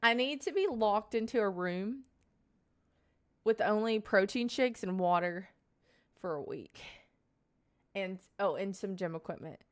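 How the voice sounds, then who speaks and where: A woman's voice: mid-range voice, measured pace, long pauses. A young woman live-streaming, chatting casually and playfully with her viewers and answering their questions. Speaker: livestreamer.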